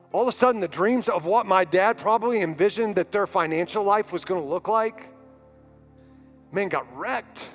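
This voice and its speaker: A man in his forties preaching a sermon as a pastor, earnest and building to emphatic repetition. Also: high-pitched. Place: large church auditorium. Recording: music bed in a long-reverb hall.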